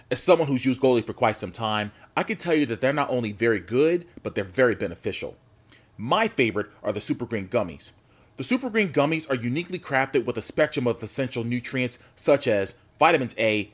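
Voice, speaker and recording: A male podcast host with a mid-range voice reads a sponsor message and then turns back to his guest with questions. He speaks deliberately and slows down to spell out the details. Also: mid-range voice. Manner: deliberate, spelling things out slowly in the ad read. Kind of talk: casual interview talk and read sponsor spot.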